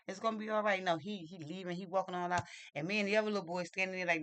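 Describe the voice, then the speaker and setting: An animated vlogger spinning a casual story, full of slang and quick restarts. The voice sounds bright and forceful, and the pitch sits in the middle. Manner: animated, slangy, repeats and restarts, laughs while telling.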